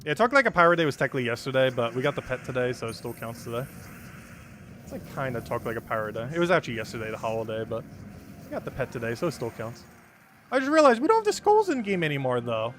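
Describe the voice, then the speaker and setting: A man's voice: mid-range voice, animated, fast talker, fairly bright tone, a little hiss or hum. A man chatting casually as a live streamer while playing, answering his chat and laughing often. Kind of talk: casual gameplay commentary.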